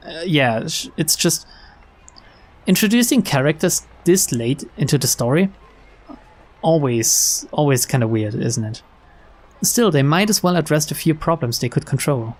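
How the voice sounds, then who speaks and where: A man's voice: fairly high pitch, expressive, a little slow. Young man reading a story game aloud. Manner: casual, chuckling asides between narration. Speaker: let's player. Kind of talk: reading a visual novel aloud with commentary.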